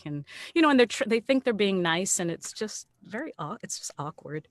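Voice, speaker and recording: A woman's voice: medium pitch, fairly quick, hardly any pauses, no room sound, clean studio sound. A woman actor, a guest on an online video-call talk, telling stories casually with frequent laughs and restarts. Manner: lively, laughing often, with many restarts. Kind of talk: casual storytelling on an online salon.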